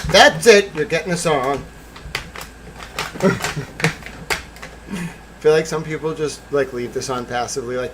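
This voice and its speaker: A man hosting a solo livestream, talking in theatrical bursts that swing from quiet asides to loud outcries and laughter. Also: mid-range voice, background noise. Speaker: livestream host.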